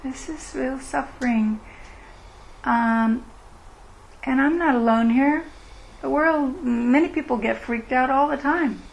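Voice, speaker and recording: A middle-aged woman leading a meditation retreat, speaking in a gentle, unhurried, reflective way as she answers questions. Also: high-pitched, gravelly, rough recording. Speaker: meditation teacher. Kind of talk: dharma talk with Q&A. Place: retreat meeting room.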